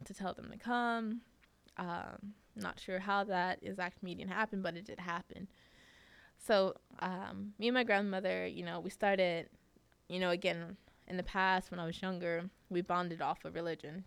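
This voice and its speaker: A woman's voice: lowish voice, gravelly, clear, resonant tone, dry recording. A young woman hosting a podcast, telling a personal story in a casual, chatty way with lots of fillers. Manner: chatty, many fillers, laughs often. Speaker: podcast host.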